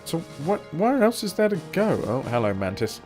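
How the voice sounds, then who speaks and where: Joky southern english guy streaming a game, swears a bit, quiet music under it. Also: a little high, sing-song, normal speed. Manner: chatty, jokey, swears now and then. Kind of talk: casual game commentary.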